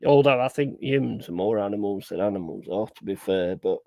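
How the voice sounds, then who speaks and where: Young guy, casual streamer chat, gravelly, blunt and sweary. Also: on the low side, expressive, a little fast, mellow, no room sound. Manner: blunt, sweary, emphatic repetition. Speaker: streamer hosting a football watchalong.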